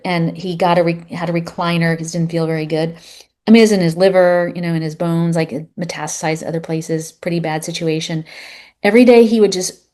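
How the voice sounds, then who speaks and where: A middle-aged woman guest on a podcast, telling a personal story in an earnest, animated way with plenty of fillers. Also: lowish voice. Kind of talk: storytelling in conversation.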